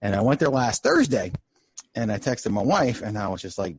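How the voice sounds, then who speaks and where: A man's voice: lowish voice, big pitch swings, normal speed. A man co-hosting a casual podcast with a dry, sarcastic delivery, recorded over a video call. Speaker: podcast co-host. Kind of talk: casual chat. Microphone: webcam video call.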